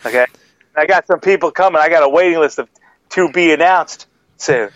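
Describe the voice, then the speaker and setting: A man playing the ghost of a loud older male baseball announcer in a comedic impression sketch, boisterous and rambling. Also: fairly high pitch, fairly quick, no echo, lightly acted. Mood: brash. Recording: dull lo-fi podcast audio.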